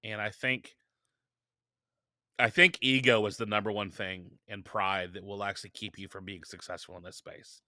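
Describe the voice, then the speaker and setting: Forceful, bright-voiced man telling stories. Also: on the low side, normal speed, no room sound, clean studio sound. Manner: energetic storytelling with frequent restarts. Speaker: podcast guest. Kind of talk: casual interview talk.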